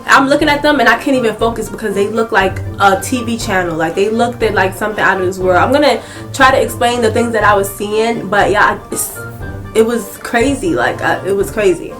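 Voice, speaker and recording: A young adult woman telling a casual story-time vlog, animated and laughing a lot as she talks. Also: medium pitch, a little fast, music in the background. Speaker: vlogger.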